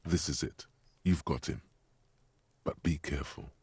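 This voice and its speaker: Super deep gravelly game narrator guy, husky and slow and grave. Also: darkish tone, no echo, heavily acted. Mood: ominous. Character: gruff inner narrator voice of a detective, male. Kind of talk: video game voice acting.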